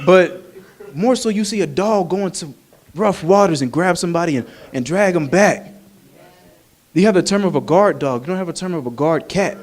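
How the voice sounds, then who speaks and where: High-voiced man preaching with humor. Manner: animated, humorous, conversational preaching. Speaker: minister. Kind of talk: sermon.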